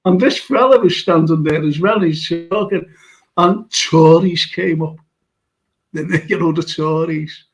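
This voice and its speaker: A man's voice: on the high side, a little slow, rough recording. A man, hosting a podcast and telling a rambling anecdote, often laughing as he talks. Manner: rambling storyteller, laughs while talking. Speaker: podcast host.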